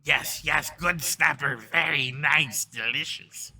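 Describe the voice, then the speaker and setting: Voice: mid-range voice, slow pace, bright, forceful tone, heavily acted. A game master voicing an eager young female kobold fish seller who talks in broken, gushing phrases. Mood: chirpy. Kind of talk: tabletop role-play voice.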